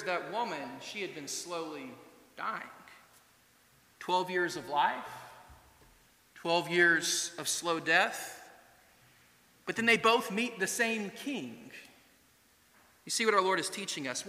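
A man's voice: sits high, sharp tone. A man in his thirties preaching a sermon to his congregation, speaking in an earnest, conversational way and asking rhetorical questions. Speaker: pastor. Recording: echoey church hall.

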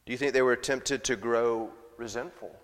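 A man's voice: steady tone, moderate pace. Man preaching in an echoing hall. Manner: swings from loud emphatic preaching to quiet, low asides. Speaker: pastor. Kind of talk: sermon. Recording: long reverb of a large hall.

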